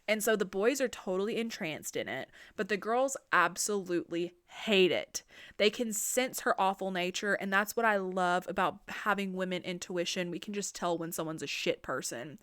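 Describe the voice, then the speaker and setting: A woman podcast host giving a casual, animated, profane recap of a horror movie. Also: mid-range voice, normal speed, smooth.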